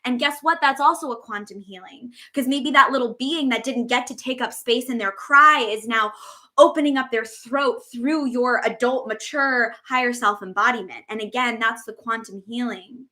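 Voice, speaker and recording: A woman's voice: fairly high pitch, normal speed, pushed and bright. A woman hosting a spiritual podcast, teaching in an effusive, casual way, swearing freely and stretching out words for emphasis.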